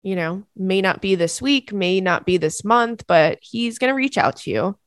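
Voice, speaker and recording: A young woman hosts her podcast in a loose, chatty manner, swearing freely and wandering into asides. Her voice sits at an ordinary middle pitch, and the sound is dry and close with almost no room around it. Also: animated, moderate pace, dry recording. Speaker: podcast host. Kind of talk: casual advice chat.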